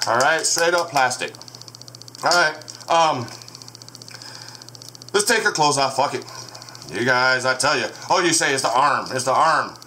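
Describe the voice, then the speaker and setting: A man's voice: mid-range voice, animated, a little slow, pauses often, sharp tone, slight background noise. A man hosting a home vlog, talking to the camera in a profane, combative way and scolding his commenters. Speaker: channel host showing haunted dolls. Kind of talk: casual vlog monologue. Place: home room with dolls and crib. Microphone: camera on a stand.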